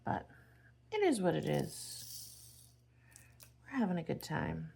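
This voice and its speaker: Low, lively tired woman vlogger. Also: moderate pace, creaky, pauses often, husky. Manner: tired, rambling, soft-spoken with yawns. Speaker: crafting vlogger. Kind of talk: casual chat while crafting.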